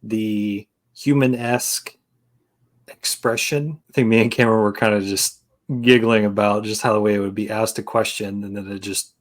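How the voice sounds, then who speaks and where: A man's voice: fairly low pitch, steady tone, moderate pace. A man hosting a podcast in casual chat, talking in a rambling, hesitant way with lots of fillers. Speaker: podcast host.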